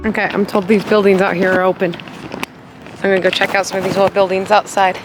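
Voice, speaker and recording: A woman talking casually to camera as a travel vlogger, chatty and easily excited, thinking out loud as she goes. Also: mid-range voice, fairly quick, music in the background. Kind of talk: casual vlog chat to camera.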